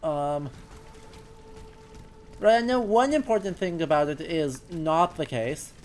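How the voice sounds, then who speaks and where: A man's voice: a little high, slow pace, darkish tone, faint music behind. A man casually commenting on a video game during a live stream, musing aloud, correcting himself and talking to his chat. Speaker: history streamer.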